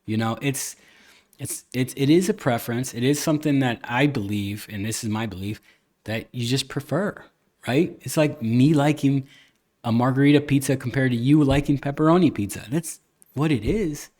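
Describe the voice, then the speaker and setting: Animated male podcast host telling stories. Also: mid-range voice, moderate pace. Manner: animated storyteller, many restarts, retells dialogue, occasional cussing. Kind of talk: casual chat.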